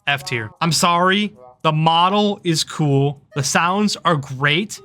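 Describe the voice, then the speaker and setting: A man's voice: high-pitched, sharp tone. A young man, a gaming video host, ranking mods in casual, upbeat commentary and swearing when something startles him. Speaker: gaming YouTuber. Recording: faint background music.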